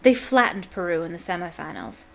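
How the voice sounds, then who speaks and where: A woman's voice: lowish voice, lively intonation, fairly quick, creaky. A woman reading aloud voices a blunt, gloomy young man talking sport.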